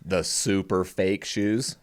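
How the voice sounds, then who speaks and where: A man's voice: low voice, steady tone, takes it slowly, smooth. A man co-hosting a podcast in casual banter. He teases his co-host, laughs a lot and jumps from topic to topic. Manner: teasing, laughs often, jumps between topics.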